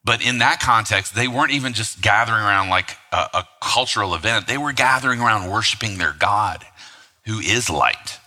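A man with a lowish voice preaching a sermon with a hard, forceful edge. He talks casually, tossing in rhetorical asides and fillers as he goes. His voice rings with a long hall reverb. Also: moderate pace. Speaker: pastor.

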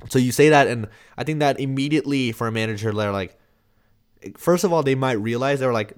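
A young man talking with his father on a podcast, giving advice in a relaxed way, with lots of "like" fillers. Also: mid-range voice, brisk, clean tone. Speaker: son, podcast guest. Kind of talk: casual conversation giving advice.

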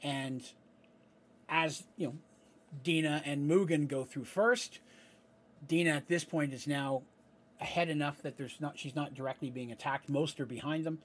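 A man runs a tabletop game as game master, narrating the action in a husky, slightly raised voice. He breaks off into casual explanations and keeps checking in with a quick "right?". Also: on the high side, fairly bright tone. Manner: explanatory asides, frequent "right?".

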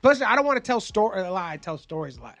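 Guest comic: man with a high, gravelly voice, swearing and animated, dry close mic. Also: fast talker, no echo. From South Bay, California. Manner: profane, animated storyteller. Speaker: guest comedian. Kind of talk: casual podcast chat.

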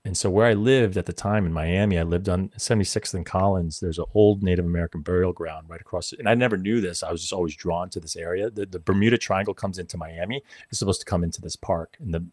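A man in his forties telling a personal story in casual talk, animated and swearing as he acts out what people said. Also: low voice, fast talker, hardly any pauses, no room sound, studio quality. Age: 40s. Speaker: podcast guest.

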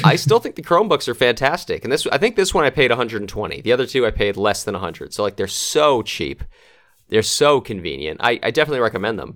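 A man's voice: on the low side, a bit bright. Blunt, swearing podcast host man. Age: middle-aged. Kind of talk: casual podcast chat.

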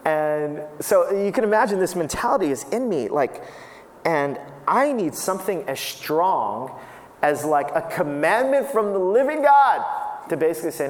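A man in his thirties preaching in a conversational, self-deprecating way, with a slightly high voice. He acts out the people he quotes as he goes. The sound is roomy, with a long reverb tail from a large hall. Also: animated, normal speed. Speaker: pastor. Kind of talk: sermon.

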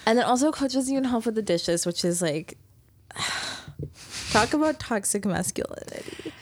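A woman co-hosting a podcast, chatting casually about a TV episode, relaxed and given to sighs and filler words. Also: on the high side, moderate pace, slight background noise. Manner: relaxed, sighing, lots of fillers. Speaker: podcast co-host. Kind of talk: casual chat recapping a TV episode.

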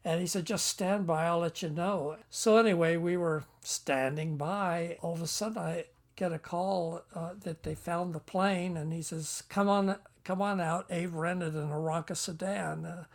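A man's voice: fairly high pitch, steady tone, moderate pace, vocal fry, few pauses. An older man and book author telling a long story in a rambling way, chuckling and acting out the dialogue he quotes. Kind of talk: storytelling anecdote.

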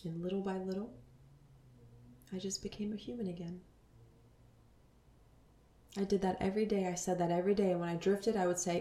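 A woman in her thirties hosting a spiritual podcast, talking earnestly and dropping into soft whispers. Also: mid-range voice, fairly even intonation, brisk, long pauses, roomy sound. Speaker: podcast host.

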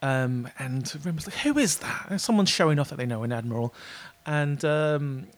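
A man's voice: mid-range voice, normal speed. A man co-hosting a podcast, casually recapping a show with many fillers and brief character mimicry. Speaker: podcast co-host. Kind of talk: casual chat recapping an episode.

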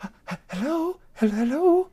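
A player voicing a shy, awestruck female satyr who stammers in a high voice. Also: big pitch swings, normal speed, dark tone. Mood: nervous eager. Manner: stammering, breathless, high-pitched.

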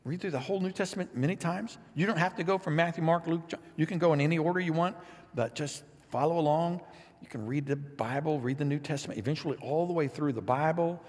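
A man preaching a sermon as pastor, animated and playful, reading scripture with lively asides. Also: fairly high pitch, fast talker, long reverb tail.

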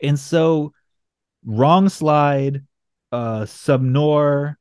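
A man's voice: a little high, very slow, darkish tone, smooth, dry recording, studio quality. Profane, rambling male podcast host. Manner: rambling, profane, jokey storytelling. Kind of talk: casual comic book recap.

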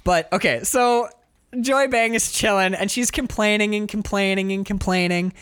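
A man's voice: high voice, moderate pace, fairly bright tone, clean tone, no echo, studio quality. A man co-hosting a casual movie recap podcast, acting out lines from the film in silly voices. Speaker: podcast co-host.

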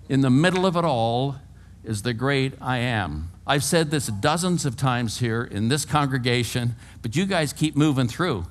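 A man around eighty from California, preaching a sermon to his congregation with folksy, humorous storytelling that swings between hushed and loud. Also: mid-range voice, expressive, moderate pace. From California, USA. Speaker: pastor. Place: church before a congregation.

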